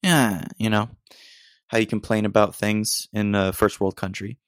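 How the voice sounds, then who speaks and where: A man's voice: fairly low pitch, level tone, unhurried, smooth, no echo, clean studio sound. A young American man hosting a casual solo podcast, rambling in a self-deprecating way with lots of ums and restarts. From United States. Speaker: podcast host.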